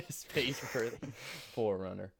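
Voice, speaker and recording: A man's voice: lowish voice, normal speed, gravelly, a little hiss or hum. A man co-hosting a casual podcast chat, joking around and asking playful questions. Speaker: podcast co-host.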